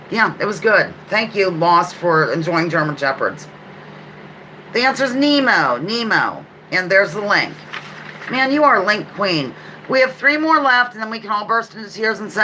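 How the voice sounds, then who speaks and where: A woman hosts a relaxed live-stream quiz, chatting between questions and tossing off playful asides as she reads the clues aloud. Her voice is bright and forward, with faint noise in the background. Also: mid-range voice, poor audio. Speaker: livestream trivia host.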